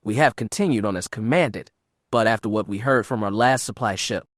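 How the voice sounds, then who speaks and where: A man's voice: on the low side, brisk, no room sound, clean studio sound, close to an everyday voice. A man voicing an eager, deferential male Imperial officer in an audiobook.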